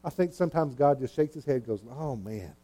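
Earnest preaching man, mellow voice. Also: fairly high pitch, fast. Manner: earnest, emphatic preaching with repetitions. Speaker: pastor. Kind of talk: sermon.

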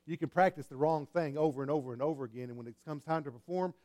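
A man preaching a sermon in a church, animated and repetitive, with sudden swings between quiet and loud. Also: a little high, fast talker. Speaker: pastor. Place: church hall with congregation.

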